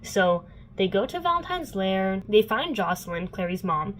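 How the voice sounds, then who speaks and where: A woman's voice: mid-range voice, very animated, normal speed, a little hiss or hum, low-quality recording. A young woman vlogging a casual, sarcastic book recap full of fillers. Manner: chatty, filler-heavy, sarcastic asides.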